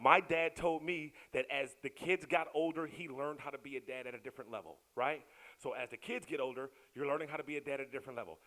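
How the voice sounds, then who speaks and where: A middle-aged man doing a stand-up comedy set, who bursts into loud shouts when he acts out scenes. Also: a little high, low-quality recording.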